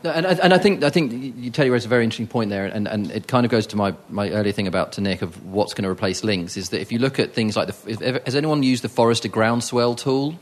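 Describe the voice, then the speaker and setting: Lower-voiced man moderating a panel. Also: quick pace, few pauses. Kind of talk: panel discussion.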